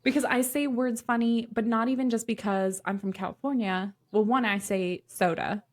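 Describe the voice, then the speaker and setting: A woman co-hosting a podcast in casual chat, animated and chatty, laughing often. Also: a little high, moderate pace. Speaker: podcast co-host.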